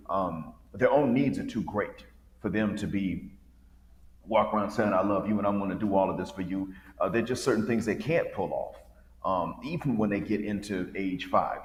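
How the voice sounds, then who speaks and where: Very deep-voiced man in an echoey room. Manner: measured, reflective, with fillers. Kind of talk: casual discussion. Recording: echoey room with long reverb.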